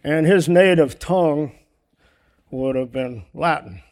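A man's voice: on the high side, takes it slowly. A man preaching a sermon earnestly, asking his listeners question after question and teaching from a board. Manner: earnest, asks rhetorical questions; writes on a board while teaching.

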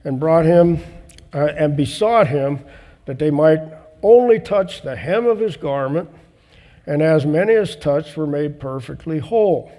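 A man preaches a conversational Bible-teaching sermon, his voice mellow and slightly high-pitched. He reads scripture aloud and explains it in a relaxed, plain way, with small restarts. The sound carries a long hall reverb. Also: measured pace.

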